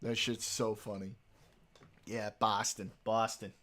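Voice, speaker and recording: Male streamer, casual chat, joking, slow talker, tries out accents. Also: on the low side, flat delivery, bright, forceful tone. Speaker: live streamer.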